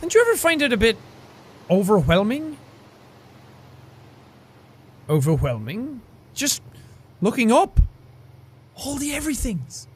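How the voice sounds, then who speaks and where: A man voicing an anxious, dramatic young woman stranded in a car as he reads game dialogue aloud, in a high, swooping, overwrought tone. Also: huge pitch swings, normal speed, long pauses, husky, exaggerated voice. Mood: wistful.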